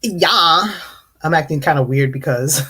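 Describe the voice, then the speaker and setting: A slightly wine-tipsy host from the United States runs an open live online discussion panel, chatting casually, greeting and answering viewers, and animatedly acting out others' rude questions in mocking voices. The voice is mid-range and husky, at a measured pace.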